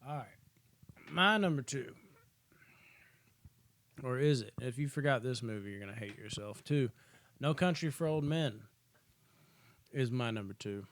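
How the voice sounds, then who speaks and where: Animated, foul-mouthed man ranking movies. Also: mid-range voice, unhurried, long pauses. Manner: animated, swears freely, acts out scenes in put-on voices. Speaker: podcast co-host. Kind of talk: casual movie ranking chat.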